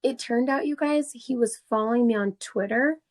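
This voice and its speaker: Animated young woman telling a story. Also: fairly high pitch, moderate pace. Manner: animated, laughing, swearing freely. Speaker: podcast co-host. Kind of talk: casual storytelling chat.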